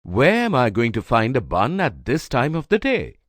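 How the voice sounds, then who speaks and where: A woman's voice: very deep voice, huge pitch swings, moderate pace, no room sound, studio quality, voice pushed down, full character voice. A woman reading a storybook, voicing a nervous, fussy young man who talks in an irritable, shaky way.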